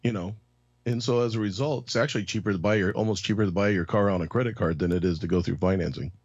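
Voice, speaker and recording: A pastor from Oregon with a lowish voice speaks on a relaxed panel, mixing dry sarcasm with earnest points. The sound is dry and dull, like a basic lo-fi setup. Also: male voice, fast talker, no room sound. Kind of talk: casual round-table discussion.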